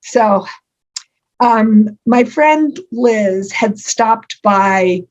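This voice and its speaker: An older woman being interviewed as an author, telling stories warmly with frequent ums and laughs. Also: on the high side, extremely slow, dull audio. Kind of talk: conversational interview.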